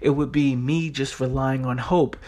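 A man's voice: mid-range voice, steady tone, normal speed, a little mellow. Blunt, profane man hosting a motivational podcast. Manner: blunt, profane, keeps asking "right?"; repeats himself for emphasis. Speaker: podcast host.

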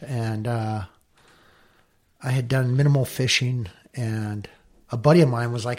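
A middle-aged man from Southern California, a podcast guest telling animated, profane stories and acting out what others said. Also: mid-range voice, normal speed. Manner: animated, swears freely, acts out quotes. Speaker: podcast guest, dive company owner. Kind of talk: casual storytelling interview.

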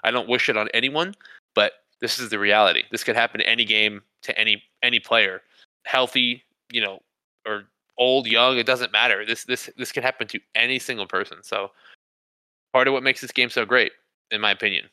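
A man co-hosting a casual sports podcast, talking in a profane, animated way and saying "you know" and "bro" a lot. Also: mid-range voice, brisk, clear, resonant tone, no echo, poor audio. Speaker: podcast co-host.

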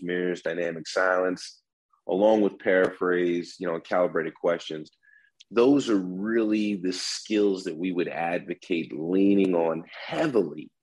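A man's voice: low-pitched, darkish tone, poor audio. A man who teaches negotiation, explaining his methods as an interview guest and often restarting with repeated words. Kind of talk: instructive interview talk.

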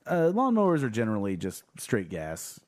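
Lively-voiced man rambling casually. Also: on the low side, moderate pace. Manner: rambling, lots of fillers. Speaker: podcast host. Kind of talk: casual chat.

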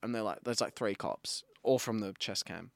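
A man's voice: lowish voice, moderate pace, gravelly, no room sound. A man co-hosting a casual podcast chat, retelling stories with quoted voices and casual swearing. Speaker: podcast co-host.

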